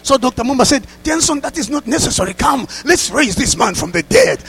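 A man preaching a sermon through a story, dropping to hushed asides and rising to loud exclamations. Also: very high voice, big pitch swings, fairly quick, creaky, slightly rough, rough recording. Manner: laughs between lines.

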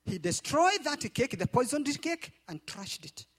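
High-voiced lively preacher man. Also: measured pace. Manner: repetitive call-and-response preaching. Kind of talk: sermon with storytelling.

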